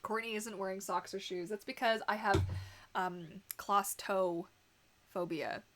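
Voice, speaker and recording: A woman's voice: medium pitch, fairly even intonation, unhurried, a bit bright, soft background music. Giggly Canadian woman streamer. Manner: chatty, giggly, lots of "like" fillers. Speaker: livestream host. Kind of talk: casual livestream chat reading comments.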